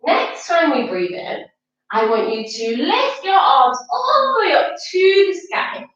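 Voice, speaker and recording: A woman's voice: very high voice, sing-song, measured pace, a bit bright, echoey room, dull audio. A woman leading a children's yoga class in a playful, coaxing, sing-song way. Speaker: kids' yoga teacher.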